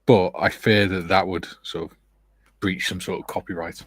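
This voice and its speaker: Husky man hosting a hobby stream. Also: deep voice, little pitch movement, moderate pace, fairly bright tone, no room sound. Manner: reads out viewer comments, jokey banter. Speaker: livestream host and scale modeller. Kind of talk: casual livestream chat.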